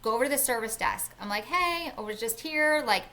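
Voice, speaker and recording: Animated woman telling a story. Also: on the high side, a little fast. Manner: animated, acts out the people in her story, swears. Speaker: podcast co-host. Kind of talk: casual storytelling chat.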